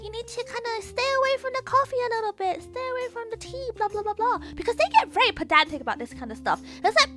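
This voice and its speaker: Very high-pitched, excitable woman. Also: fast talker, few pauses, faint music behind. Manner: excitable, ranting, giggly. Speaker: VTuber streamer. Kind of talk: casual chat stream.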